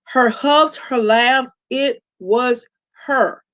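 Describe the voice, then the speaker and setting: A woman's voice: fairly high pitch, drawn-out words, a bit bright, highs cut off. Sassy woman talking to her live chat. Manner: sassy, blunt, talks straight to chat. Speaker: live-stream host. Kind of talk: casual live-stream commentary.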